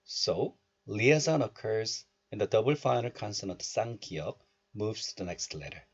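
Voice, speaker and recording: A man hosting a language channel, explaining pronunciation slowly and repeating sounds for learners. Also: lowish voice, slightly rough, lo-fi sound. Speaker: Korean language teacher, channel host. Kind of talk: explaining phonics lesson.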